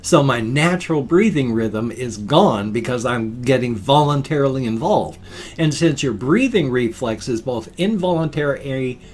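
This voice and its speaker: A man's voice: mid-range voice, a little mellow, breathy edge. An older man talking casually on his vlog, folksy and chatty, explaining things at length with homespun sayings. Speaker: vlogger. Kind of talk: casual rambling vlog talk.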